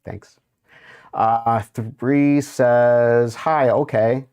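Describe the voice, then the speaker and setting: His voice is smooth, darkish and mid-range, its tone steady, as he hosts a casual stream. Unhurried, he reads the chat aloud, mutters while browsing and adds amused asides.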